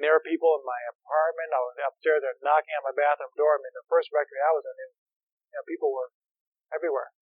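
A man's voice: on the high side, no echo, dull audio. A man who is a priest and therapist, lecturing seminarians in a conversational, anecdotal way with wry humor.

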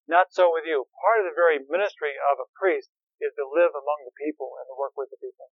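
A man's voice: fairly high pitch, quick pace, no echo, narrow, tinny audio. A man who is a priest and therapist, lecturing seminarians in a conversational, anecdotal way with wry humor.

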